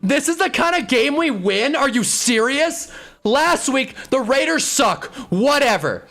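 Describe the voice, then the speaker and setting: A man hosting a live stream, ranting about his football team with profanity and rapid rhetorical questions. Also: very high voice, faint music behind. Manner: flat, deflated muttering. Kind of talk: heated live-stream sports rant.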